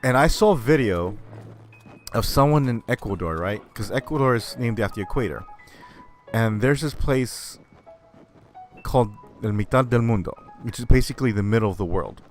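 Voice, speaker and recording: A man's voice: mid-range voice, lively intonation, normal speed, faint music behind. A man streaming a video game, chatting casually with viewers, who rambles and laughs often as he tells stories.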